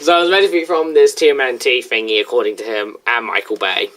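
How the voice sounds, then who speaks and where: A woman's voice: extremely low pitch, fast, fairly bright tone, slight background noise. A woman hosting a reaction video, talking in a casual, chatty, defensive way. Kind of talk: casual spoken commentary.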